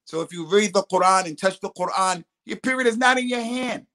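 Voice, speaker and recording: This man's voice sits high and sounds a bit bright. As a religious scholar taking questions on a live stream, he offers long explanations and swiftly recites Arabic quotations.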